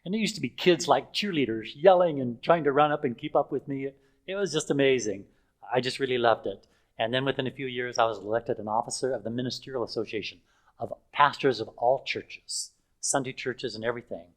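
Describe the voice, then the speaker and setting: A man's voice: medium pitch, a little fast, poor audio. Older man, preacher, anecdotal sermon, chatty, fillers, chuckles.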